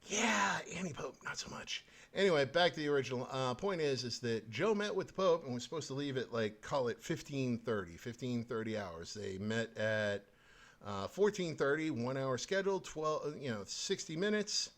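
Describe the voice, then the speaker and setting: A man's voice: medium pitch, expressive, normal speed. A man hosting a podcast, ranting angrily about politics with constant swearing and scorn. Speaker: podcast host. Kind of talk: profane political rant.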